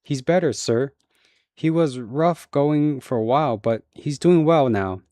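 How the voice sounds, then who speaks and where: A man reading a novel aloud voices a nervous, star-struck pudgy young male deputy who talks in an eager, trembling, deferential way, a little higher than his own voice. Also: measured pace, darkish tone, no echo, studio quality, lightly acted. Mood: awed, apologetic.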